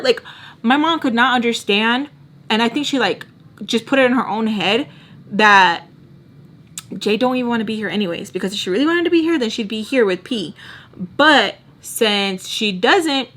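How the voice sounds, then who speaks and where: A young woman telling a personal story in a casual storytime vlog, animated and exasperated, saying "like" constantly. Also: fairly high pitch, normal speed. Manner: animated and exasperated, heavy use of "like". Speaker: storytime vlogger.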